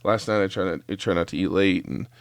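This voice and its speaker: A man's voice: low voice, fast talker, dry recording. Profane rambling man with a dry voice. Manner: profane, rambling, lots of fillers. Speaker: podcast host; former chef. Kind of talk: solo rant podcast.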